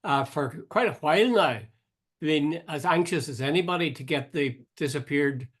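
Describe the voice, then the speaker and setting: A man's voice: a little high, moderate pace, fairly bright tone. An older man, hosting a casual political chat, wry and questioning, thinking aloud with frequent restarts. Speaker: host.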